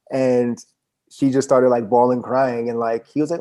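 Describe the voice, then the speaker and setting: A man's voice: mid-range voice, flat delivery, fairly quick, mellow. A young man telling stories as a podcast guest in a laid-back, slangy way. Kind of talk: casual conversation.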